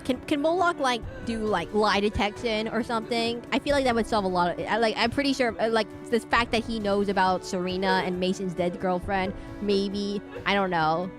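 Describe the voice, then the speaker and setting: A woman streamer chatting and reading aloud while playing a horror game, rambling and questioning herself. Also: medium pitch. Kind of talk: let's play commentary and reading aloud.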